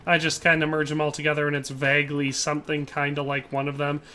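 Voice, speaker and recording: Young male streamer, casual banter, bright tense tone. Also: a little high, completely flat delivery, fast, a little hiss or hum. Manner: chatty, jokey, tries mock Irish accents. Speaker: game streamer. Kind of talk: casual live-stream commentary.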